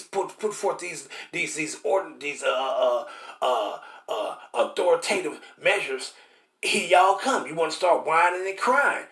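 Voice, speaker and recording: Man, high voice, emphatic street preacher who repeats himself and restarts sentences, roomy echo. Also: a bit bright. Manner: emphatic and repetitive, keeps asking "See?"; stammers and restarts while hunting for words. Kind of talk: street-style scripture teaching.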